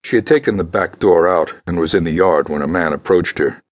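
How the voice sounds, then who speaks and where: Very deep husky male narrator. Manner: measured, grave storytelling. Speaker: audiobook narrator. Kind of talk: scripted narration.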